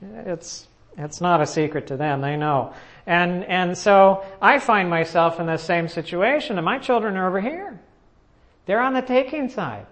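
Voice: mid-range voice, lively intonation, measured pace, fairly bright tone. A preacher giving a sermon as a conversational personal story, with frequent restarts and questions to the audience.

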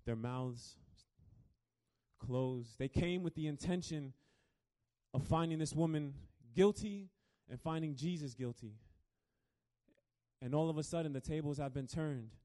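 Male pastor, slightly high voice, dramatic storyteller, hushed-to-loud sermon delivery. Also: unhurried. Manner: dramatic storytelling, swings between soft and loud.

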